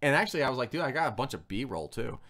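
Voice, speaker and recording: A man's voice: medium pitch, sing-song, rapid-fire, a bit bright. A man hosting a food review channel, chatting casually on a livestream and putting on silly voices when he quotes people.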